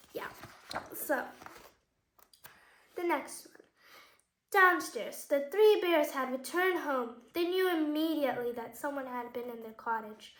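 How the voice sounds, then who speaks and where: Woman reading a bedtime story, high voice. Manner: casual, explains the pictures and asks questions. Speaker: children's story reader. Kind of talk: reading a picture book aloud to children. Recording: echoey room.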